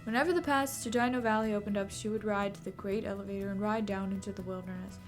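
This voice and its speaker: A woman's voice: medium pitch, fairly even intonation, fast talker, soft background music, natural voice. A woman voicing a wandering storyteller who fondly reminisces about an old friend. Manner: fond, reminiscing narration.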